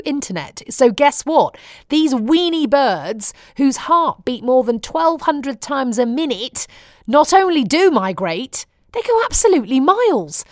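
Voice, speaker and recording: A woman's voice: high-pitched, dry recording, studio quality. A middle-aged British woman, a radio presenter, telling chatty personal stories in a wry, humorous way. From Britain. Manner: wry, chatty storytelling with frequent laughs. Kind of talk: chatty personal diary monologue.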